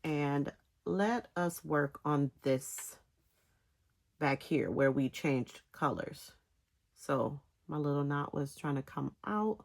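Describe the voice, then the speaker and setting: A woman giving a casual step-by-step knitting tutorial, talking in halting phrases with pauses between them. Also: low-pitched, vocal fry. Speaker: knitting instructor.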